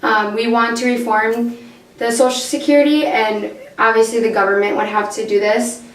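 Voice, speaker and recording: A woman's voice: a little high, steady tone, moderate pace. Young woman, student presenter, voice going, distant echoey room. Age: young adult. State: losing her voice. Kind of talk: class presentation. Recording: echoey room, far from the mic, faint noise.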